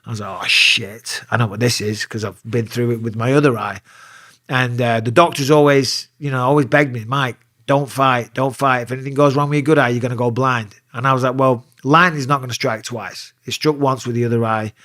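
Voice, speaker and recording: Sweary Northern English man, bright voice. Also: medium pitch, a little fast, no echo, studio quality. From England. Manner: sweary, animated anecdote telling. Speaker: interview guest, former fighter. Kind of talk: casual storytelling.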